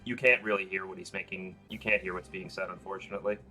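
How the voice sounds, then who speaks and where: A man's voice: sits low, fairly even intonation, fast talker, over loud music. Hesitant man running a tabletop game. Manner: loose, hesitant, many fillers. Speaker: dungeon master.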